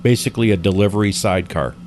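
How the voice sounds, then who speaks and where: A man's voice: fairly low pitch, rapid-fire, darkish tone, a little hiss or hum. Rambling man telling a story. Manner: rambling, many restarts and fillers. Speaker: wet plate photographer guest. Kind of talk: casual storytelling interview.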